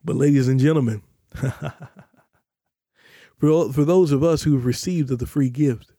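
A man preaching a sermon on a podcast, with emphatic delivery that slows down to stress scripture. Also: dark tone, no echo, clean studio sound. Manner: emphatic preaching, voices imagined questioners in a high pitch. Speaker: pastor.

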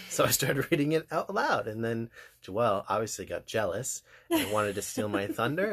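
Wry young man with husky, lively voice. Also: lowish voice. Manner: dry, wry, deadpan teasing. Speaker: podcast co-host. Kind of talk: casual couple chat.

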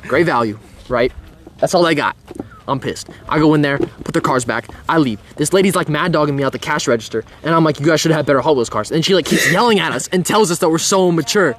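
Loud ranting teenage boy, high voice. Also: fast talker, a little hiss or hum. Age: teens. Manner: loud ranting storyteller, swears a lot. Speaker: podcast co-host. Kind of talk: casual chat.

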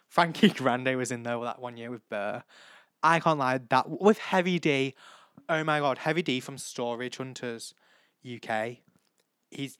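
A man's voice: mid-range voice, a bit bright, no room sound, studio quality. A young man hosting a solo podcast, gushing and rambling and swearing freely. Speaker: podcast host. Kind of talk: casual solo podcast chat.

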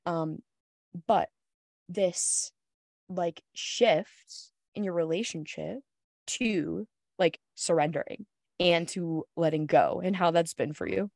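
A woman's voice: on the low side, slow, vocal fry, darkish tone, dry recording, studio quality. A woman hosting a podcast, asking reflective questions and affirming her guest in casual chat. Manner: reflective, affirming, uses "like" and "you know". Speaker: podcast host and coach.

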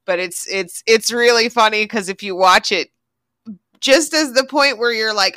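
A woman chatting casually with friends, making wry, deliberate comments. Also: on the high side, expressive, bright, forceful tone, dry recording. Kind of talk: casual group chat.

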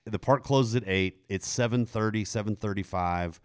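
A middle-aged man, telling a story in casual chat, jumping high in pitch when he quotes a woman. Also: moderate pace, clear, resonant tone. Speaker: podcast co-host telling a story.

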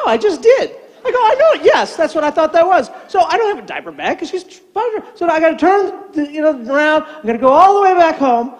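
An older man, a pastor, telling a comic story in a sermon, acting out the voices in it. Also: very high-pitched. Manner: animated, acts out voices in a story.

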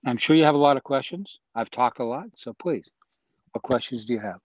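Speaking a little fast in a medium pitch, this male interview guest argues for voting reform with earnest, persuasive conviction while keeping things conversational. The recording is dry and lo-fi.

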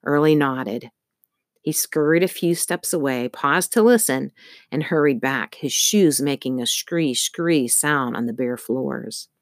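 Low-voiced woman narrating a storybook. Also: unhurried, dry recording, clean studio sound. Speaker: audiobook narrator. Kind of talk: scripted narration.

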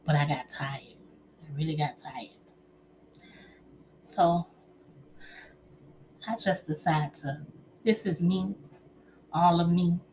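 Her voice sits low as this middle-aged woman offers relationship advice and personal anecdotes to an audience, chatty and expressive, addressing listeners as honey and child. Slight background noise is audible.

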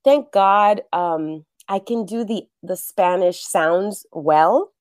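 A woman's voice: mid-range voice, slow, darkish tone, dry recording, clean studio sound. A middle-aged woman from the Bronx, an actress and acting teacher, chatting animatedly as a guest and laughing often. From The Bronx, New York. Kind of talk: casual interview chat.

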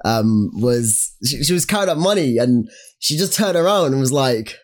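A man's voice: medium pitch, animated, normal speed. A young man, co-hosting a casual podcast chat and telling a story full of slang and restarts. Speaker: podcast co-host.

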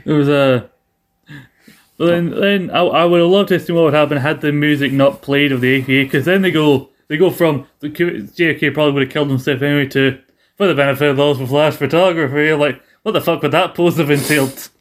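A man's voice: fairly high pitch, a little fast. A man co-hosting a casual podcast, chatty, laughing often and swearing now and then. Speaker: podcast co-host. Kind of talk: casual chat recapping wrestling.

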